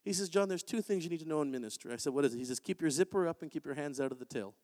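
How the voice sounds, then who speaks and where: A man delivers a sermon in a lively, conversational manner. His voice sits high for a man. The sound rings with a long reverb from a church sanctuary. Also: very fast. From Canada. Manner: animated, conversational preaching with acted-out quotes. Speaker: pastor.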